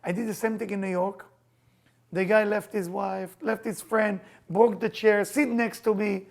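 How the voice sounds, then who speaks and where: A middle-aged man teaching a group, telling stories in an animated way and acting out the lines of the people in them. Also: high-pitched, measured pace, creaky. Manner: animated, acts out quoted dialogue. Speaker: Kabbalah teacher. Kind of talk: storytelling talk to a group.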